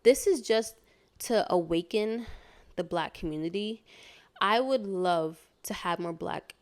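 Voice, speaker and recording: This vlogger, a woman from Hartford, Connecticut, USA, has a lowish, somewhat dark voice and a measured pace. Earnest and casual, she rambles through her personal vlog, often using fillers and starting over.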